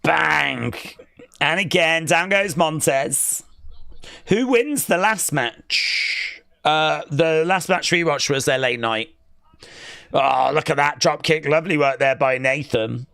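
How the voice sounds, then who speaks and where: A man hosting a live watch-along stream, chatting casually, reading out viewer comments and calling the action with sudden excitement. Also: on the high side, measured pace, vocal fry, clear, resonant tone, dry recording, clean studio sound. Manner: excitable, chatty, reads chat aloud.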